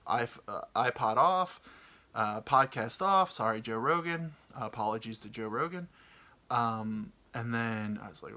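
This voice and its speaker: A man's voice: medium pitch, expressive, measured pace, bright, forceful tone. A man hosting a podcast, telling a comic story in a rambling, profane way with lots of fillers. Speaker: podcast host. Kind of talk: casual comedic storytelling.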